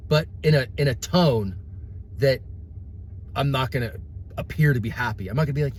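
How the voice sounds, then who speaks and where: A man's voice: mid-range voice, normal speed, pauses often, slight background noise. A man ranting to his followers in a blunt, casual way, calling people bro and dude and praying aloud. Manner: preachy, prays aloud. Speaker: vlogger. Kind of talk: impassioned rant to followers.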